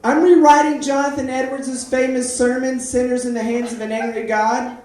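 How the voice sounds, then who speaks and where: A man doing a deadpan, self-deprecating stand-up set at a live open mic, bantering with the crowd. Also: very high-pitched, moderate pace. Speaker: stand-up comedian. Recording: echoey live room from far off. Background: audience laughter.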